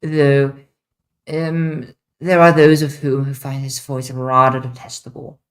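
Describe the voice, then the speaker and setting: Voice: mid-range voice, little pitch movement, measured pace, natural voice. A streamer putting on a posh accent to voice an eloquent, haughty narrator with lofty, formal phrasing. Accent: put-on posh.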